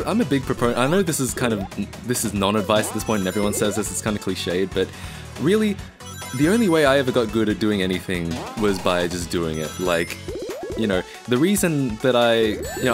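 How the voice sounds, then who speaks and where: Brief: male streamer from Australia, relaxed rambling chat, slightly low voice. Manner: rambling, reads chat aloud and answers it. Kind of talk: casual live-stream chat.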